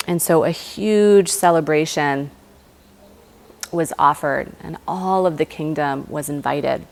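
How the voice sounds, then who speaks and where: A woman yoga teacher telling a legend during a guided class, soft-spoken and unhurried, with frequent fillers. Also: low-pitched, vocal fry.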